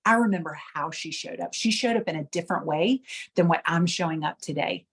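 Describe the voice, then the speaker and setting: A woman's voice: lowish voice, brisk, breathy edge. A middle-aged woman giving a casual motivational talk as a sales director, chatty and earnest, often calling her listeners "you guys.".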